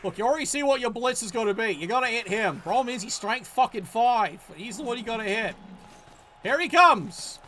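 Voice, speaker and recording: A man commentates on a game live in a very high, bright voice. He swears often and sounds exasperated as he scolds the players' choices. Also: expressive, fairly quick, slight background noise.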